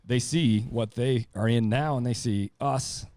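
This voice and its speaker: A man's voice: mid-range voice, a little slow, a little mellow, no echo. A man hosting a podcast, chatting in a reflective, laid-back and rambling way. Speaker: podcast host. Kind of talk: casual chat.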